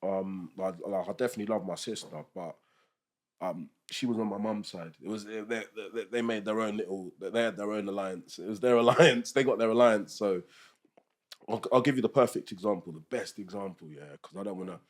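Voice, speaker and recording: A man's voice: lowish voice, brisk. A young man, a podcast guest talking candidly about family in a rambling, self-interrupting way, laughing often.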